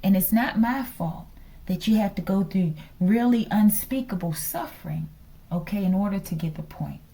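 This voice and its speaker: Woman, tarot reader; gravelly, mellow voice; teasing, chatty delivery. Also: mid-range voice, normal speed, rough recording. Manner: chatty and teasing, tags lines with a repeated "okay?". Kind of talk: casual spiritual tarot reading.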